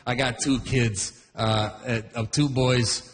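A man's voice: mid-range voice, steady tone, takes it slowly, in a large hall. A man doing a stand-up comedy set, rambling through stories and acting out scenes with silly voices.

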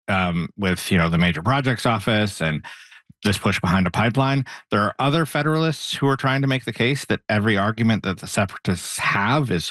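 A man on a political panel, giving measured analysis with frequent "you know" fillers. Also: fairly low pitch, fairly bright tone, dry recording.

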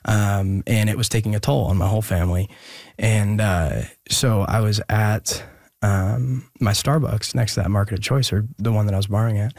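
A young man from Oregon telling a personal story as an interview guest, earnest and hesitant, with many pauses and restarts. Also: lowish voice, creaky, darkish tone, no room sound, clean studio sound.

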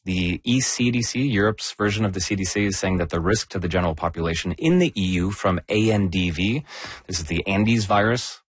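A man explaining health news in a conversational discussion, measured and emphatic on key words. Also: sits low, expressive, breathy edge, no room sound.

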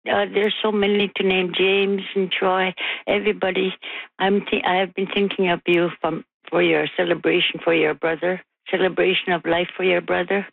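A woman's voice: lowish voice, flat delivery, gravelly, dry recording. An older woman calling in to a radio show, sending rambling, affectionate greetings to family and friends. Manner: rambling and affectionate, many pauses. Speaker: caller. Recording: tinny phone line.

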